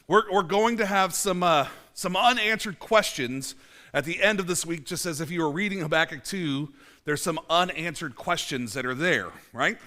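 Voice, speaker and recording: A pastor in his forties preaches a casual, conversational sermon in a church, his high voice pushed and bright at a moderate pace. He's chatty, full of fillers and restarts, and drops dry, self-mocking asides.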